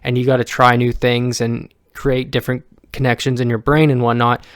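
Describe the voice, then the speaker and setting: A young man talking casually in a rambling vlog, pausing often with ums and restarting his sentences. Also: mid-range voice, little pitch movement, clean tone, no room sound, clean studio sound. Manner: halting, many ums and restarts. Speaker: vlogger.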